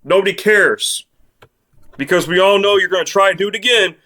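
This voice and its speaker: A man's voice: high voice, very fast, pushed and bright. A man giving casual basketball bracket predictions, blunt and sarcastic, ranting with frequent restarts and fillers. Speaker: sports commentator.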